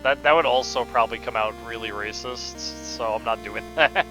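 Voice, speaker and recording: A man's voice: medium pitch, normal speed, few pauses, over music, poor audio. A young man streaming a game, giving casual commentary in a joking, profane way, laughing often.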